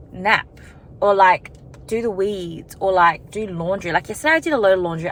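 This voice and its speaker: A young woman vlogger chats casually to her camera while walking outside, rambling and reflecting on herself with plenty of filler words. Her voice is mid-range and fairly bright, and the low-quality recording carries some hiss or hum.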